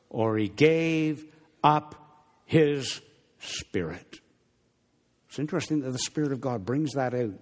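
A man preaching a sermon, dropping low and hushed on some phrases and lifting sharply on others. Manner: wide swings between low hushed phrases and raised emphatic ones. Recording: long hall reverb.

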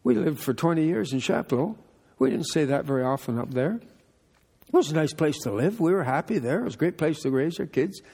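An older man delivers a relaxed, chatty sermon full of joking asides. His voice sits a bit high, with a raspy, gravelly texture. The sound carries the long echo of a church hall. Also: a little fast. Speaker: pastor. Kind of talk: conversational sermon. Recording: echoey hall reverb.

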